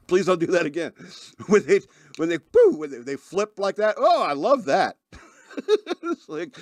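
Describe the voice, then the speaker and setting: A man's voice: high voice, very animated, measured pace, pauses often, no room sound, clean studio sound. A man hosting a radio podcast in a casual monologue, rambling and laughing often as he acts out the people he describes. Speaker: podcast host.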